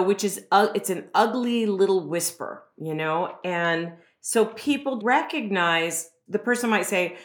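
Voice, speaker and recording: A woman guest speaking as an expert on a podcast, explaining earnestly and often checking in with "right?" and "you know". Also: fairly low pitch. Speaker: guest expert on self-esteem. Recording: roomy echo.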